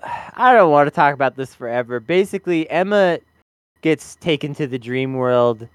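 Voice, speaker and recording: A man's voice: fairly high pitch, lively intonation, normal speed, smooth, no room sound. A man co-hosting a casual review podcast, rambling, laughing often and swearing casually into a close mic. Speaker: podcast co-host.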